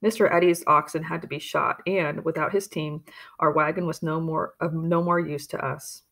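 A woman reading a storybook chapter aloud in a steady, plain manner, with occasional slips and restarts. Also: low-pitched, moderate pace, gravelly. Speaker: audiobook reader. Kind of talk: storybook narration.

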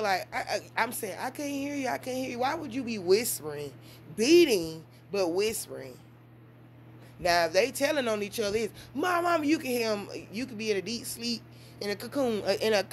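Mom vlogger, woman, talks straight to camera in loose, animated storytelling. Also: a little hiss or hum. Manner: animated storytelling with big swings in pitch and volume. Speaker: mother and vlogger. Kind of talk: casual vlog chat.

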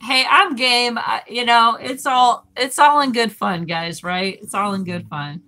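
A woman livestreamer reads out comments from her chat in a laid-back session, frequently breaking into laughter. She talks a little slowly, with a fairly high, bright voice and a forceful tone.

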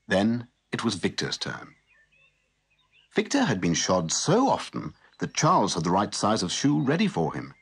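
A man narrating a children's story in a measured storybook manner. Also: sits low, wildly swooping pitch, breathy edge.

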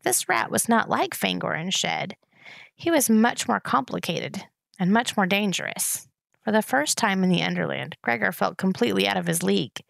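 A woman reading a novel aloud in a steady storytelling manner. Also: medium pitch, normal speed, gravelly, no echo. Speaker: audiobook reader.

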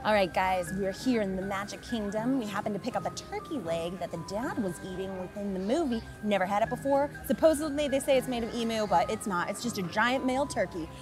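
A woman's voice: mid-range voice, expressive, a little fast, few pauses, over music, poor audio. A woman vlogging outdoors at a theme park, chatting casually while eating, talking with her mouth full. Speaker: vlogger taste-testing food. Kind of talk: casual vlog chat.

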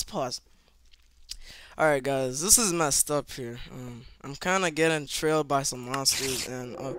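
A gameplay video maker talks to his viewers with excitable, panicky outbursts, yelling at monsters and repeating phrases. His voice is medium-pitched at a normal speed, with slight background noise.

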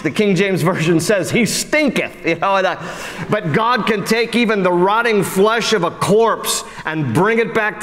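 A man delivers a sermon from the pulpit, his voice sitting a little high for a man. He preaches conversationally with casual asides, rising to emphatic peaks and dropping to soft, low lines. The sound carries a long hall reverb. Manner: conversational, with frequent "you know" asides. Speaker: pastor. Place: church sanctuary.

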